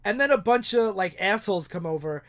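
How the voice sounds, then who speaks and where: Higher-voiced man recapping a comic. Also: lively intonation, fairly quick, fairly bright tone. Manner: recaps plots, acts out characters' lines in passing. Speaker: podcast co-host. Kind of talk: casual comic book discussion.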